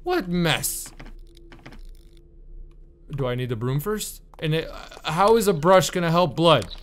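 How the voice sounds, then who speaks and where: A man's voice: a little high, expressive, slow. Jumpy young man playing a horror game. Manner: jumpy, nervous, swears and jokes. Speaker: gaming YouTuber.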